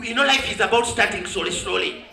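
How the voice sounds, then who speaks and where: A man's voice: sits high, fast talker, creaky, bright, forceful tone, echoey room, exaggerated voice, rough recording. A Ugandan man quoting his coaxing old mother. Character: fond elderly mother urging her son.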